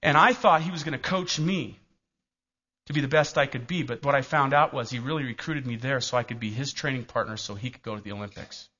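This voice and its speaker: A middle-aged pastor preaches in church with a brisk, bright, forceful mid-range voice, telling stories and putting questions to the congregation. The recording is dull and lo-fi.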